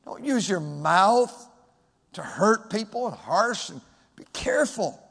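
High-voiced preacher with booming swings. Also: male voice, lively intonation, slow pace, vocal fry, breathy edge. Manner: swings from loud shouted emphasis to soft, hushed asides. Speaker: pastor. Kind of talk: sermon. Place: church sanctuary. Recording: long hall reverb.

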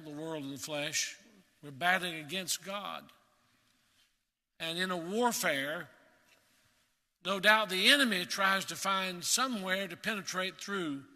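Bright-voiced male preacher in a hall. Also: a little high. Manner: measured, emphatic preaching with repeated key words. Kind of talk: sermon.

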